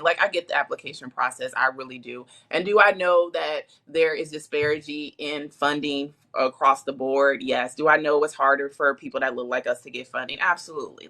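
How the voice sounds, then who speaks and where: A woman's voice: sits low, creaky, a bit bright. Frustrated woman venting in casual chat. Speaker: guest.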